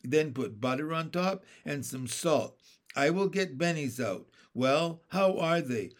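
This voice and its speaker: A man reading aloud as Jessie, a brisk, motherly older girl looking after her siblings. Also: a little high, expressive. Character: bossy caring older girl, homemaker.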